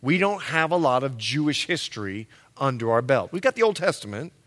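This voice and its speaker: A male pastor preaching a sermon, telling stories with lively acted-out quotes and emphatic, loud peaks. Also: medium pitch, fairly quick. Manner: animated storytelling with acted-out quotes.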